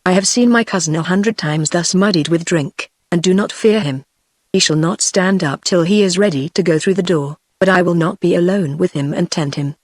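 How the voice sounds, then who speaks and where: A woman's voice: fairly low pitch, dry recording, clean studio sound, natural voice. A text-to-speech voice of a woman with a British accent, reading the lines of a cool, commanding young queen in an audiobook. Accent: British English. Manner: even, measured synthetic delivery.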